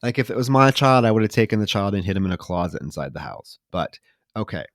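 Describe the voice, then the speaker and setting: A man's voice: lowish voice, fast, no echo, studio quality. A man co-hosting a film podcast, casually recapping the plot and acting out the characters' lines. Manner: animated retelling with loud shouted quotes of film lines. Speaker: podcast co-host. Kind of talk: casual film-review chat.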